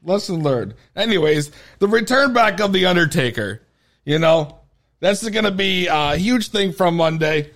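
A man's voice: high-pitched, expressive, unhurried, a bit bright. A man hosting a casual podcast, talking loosely, laughing easily and swearing. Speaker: podcast host.

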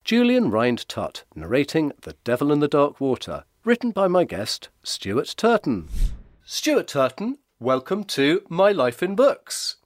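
Male host from England, animated intonation, dry close mic. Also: fairly high pitch, unhurried, no echo. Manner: articulate, lively presenter delivery. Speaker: podcast host and interviewer. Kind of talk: scripted introduction and interview.

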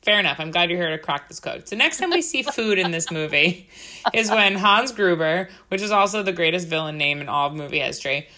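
A chatty woman co-hosting a podcast, her voice on the lower side and bright. She talks loosely, swears freely and laughs through her stories. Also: animated, a little fast. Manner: chatty, swearing, laughs often, mimics movie lines. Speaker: podcast co-host. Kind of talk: casual chat.

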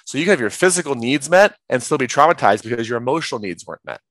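A man's voice: mid-range voice, expressive, fast talker, fairly bright tone, no room sound. A man talking earnestly as a podcast guest, explaining his field with many "like"s and "right?"s. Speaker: guest, trauma practitioner.

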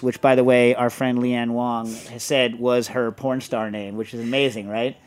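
Male podcast co-host, chatty and digressive, middle-pitched, easygoing tangents. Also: level tone, moderate pace, few pauses. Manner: rambling, digressive, heavy on fillers. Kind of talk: casual chat.

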